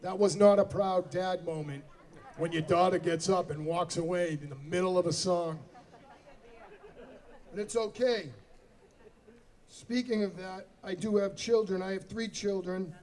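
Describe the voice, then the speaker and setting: A man's voice: high-pitched, measured pace, long pauses, a little mellow. Joking Boston man on stage. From Boston area, USA. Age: 40s. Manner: self-deprecating joking. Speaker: singer-songwriter. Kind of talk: stage banter at outdoor concert. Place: outdoor amphitheater stage. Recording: distant PA sound with music.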